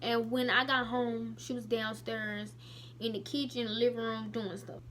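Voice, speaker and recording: A young woman vlogger telling a personal story to her viewers in a casual, emotional, animated way with many asides. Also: a little high, a little slow, slight background noise.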